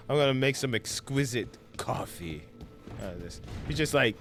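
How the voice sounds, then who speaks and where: A man giving casual commentary over his own gameplay, playful and prone to joking. His pitch swings widely while he talks at an unhurried pace. Faint music runs behind him. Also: very animated, fairly bright tone. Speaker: gaming streamer.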